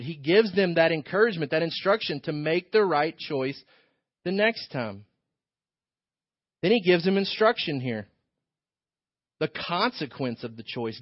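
A pastor preaches from the pulpit in a conversational style, often posing rhetorical questions. His voice is high for a man. The recording is dull and lo-fi, and dry with almost no room echo.

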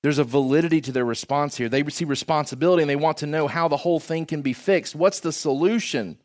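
Man, preacher, sermon, earnest, emphatic, rhetorical questions, fairly high voice. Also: quick pace, a little mellow.

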